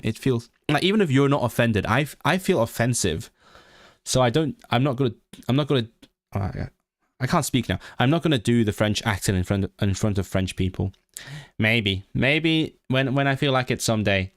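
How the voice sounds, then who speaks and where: Halting British-accented young man streaming. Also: medium pitch, dry recording, studio quality. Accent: British English. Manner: thinks aloud, halting, many restarts and self-corrections. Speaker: livestreamer and language learner. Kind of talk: casual livestream chat.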